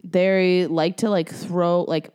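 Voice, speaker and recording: A young woman co-hosting a relaxed podcast chat. Her talk is loose and full of "like", and she laughs often. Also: lowish voice, slow, clear, resonant tone. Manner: chatty, heavy use of "like", laughs often. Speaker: podcast co-host. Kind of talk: casual chat.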